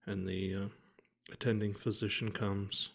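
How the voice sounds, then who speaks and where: A man speaks slowly in a low, gravelly voice as he tells his own story to the camera. He halts often and restarts his sentences, and his speech stays quiet and heavy throughout. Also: level tone. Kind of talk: personal account told to camera.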